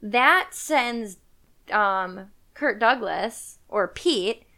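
A woman's voice: medium pitch, expressive, extremely slow, bright, forceful tone. A woman casually retelling a movie plot in a podcast chat, talking in a loose, rambling way with lots of fillers. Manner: chatty storytelling with frequent fillers and laughs.

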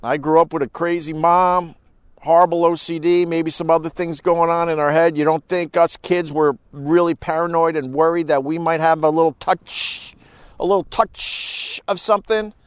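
A man hosting a live stream, chatting casually and telling stories in a rambling, animated, profane way. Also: fairly high pitch, moderate pace, clean tone, no room sound.

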